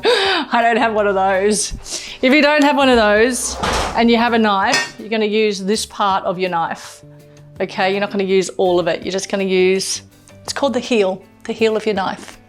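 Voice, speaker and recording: An Australian woman hosting a casual cooking demonstration in a home kitchen, chatty and enthusiastic, often exclaiming. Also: medium pitch. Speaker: cooking show host. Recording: music playing underneath.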